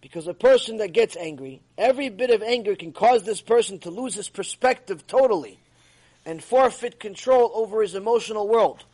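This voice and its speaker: A man giving an animated, emphatic ethics lecture as a Torah teacher. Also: high-pitched, fairly quick.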